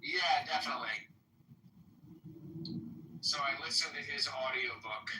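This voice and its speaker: A man chatting casually in an online audio room, chatty and quick to laugh along. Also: mid-range voice, echoey room, recorded from a distance, noisy background. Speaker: chat room participant.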